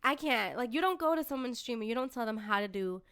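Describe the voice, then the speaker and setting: Fast and clean-toned, a fairly high female voice narrates a story in casual podcast chat. The speaker, a co-host and streamer, is animated, curses openly, and acts out others' words.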